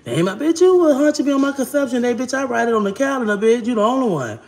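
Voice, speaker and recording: A woman vlogging casually to camera, talking bluntly and brashly, cursing freely, with an animated, expressive delivery. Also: on the high side, quick pace.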